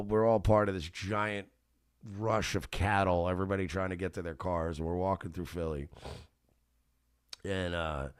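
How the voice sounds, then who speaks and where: Guy with a lowish voice telling a wild story on his show, laughs a lot, swears, dry close mic. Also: clean tone, dry recording. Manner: animated, laughing often, swearing. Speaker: radio show host. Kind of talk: casual storytelling.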